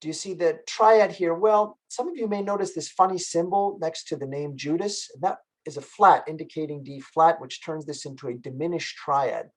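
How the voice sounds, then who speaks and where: A man's voice: fairly high pitch, normal speed, few pauses, poor audio. A man lecturing on music at a library event, explaining as he goes and often asking his audience questions.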